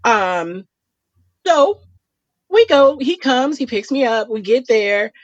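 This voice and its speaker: A woman co-hosting a podcast, telling a funny date story in casual chat and acting out each quote with big jumps in pitch. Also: sing-song, slow pace, no room sound, dull audio. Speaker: podcast co-host.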